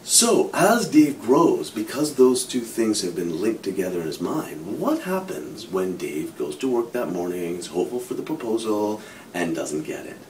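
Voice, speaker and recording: A middle-aged man with a lowish voice explains a psychological idea in a lively, animated way, leaning on everyday examples. He sits a little way from the mic, with a faint rumble underneath. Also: normal speed. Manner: animated explaining with hypothetical examples, frequent "kind of". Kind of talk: explanatory talk to camera. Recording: from a distance, faint low rumble.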